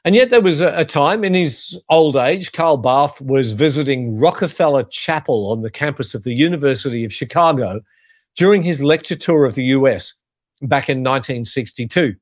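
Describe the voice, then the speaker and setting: A man preaching as a pastor, earnest and measured, leaning on key phrases for emphasis. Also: medium pitch, expressive, dry recording, studio quality. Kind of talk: sermon-style teaching.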